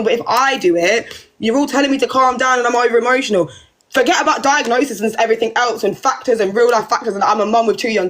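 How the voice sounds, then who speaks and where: Fast, heated British woman arguing passionately. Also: on the high side. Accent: British English. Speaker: livestream guest. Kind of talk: heated livestream argument.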